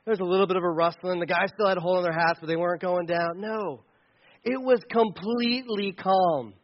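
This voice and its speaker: A man preaching a sermon in a conversational, animated way, sometimes shouting for emphasis. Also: high-pitched, brisk, highs cut off. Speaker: pastor.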